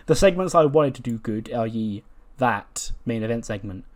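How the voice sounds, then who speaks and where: A man narrating his wrestling management game playthrough, telling the story lively and casually. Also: mid-range voice, a little slow. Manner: lively storytelling, acting out characters. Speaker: game commentator.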